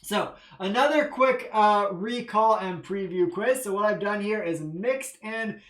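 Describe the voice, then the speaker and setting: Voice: medium pitch, measured pace, a bit bright, echoey room. A seminary professor giving a recorded video lecture over slides, speaking conversationally with frequent fillers and restarts and explaining points patiently and repetitively.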